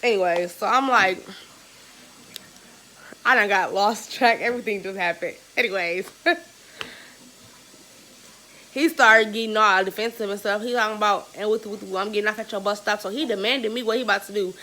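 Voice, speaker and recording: A young woman vlogger telling a story in a casual, animated, slangy and profane way. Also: medium pitch, moderate pace, long pauses, slight background noise, rough recording.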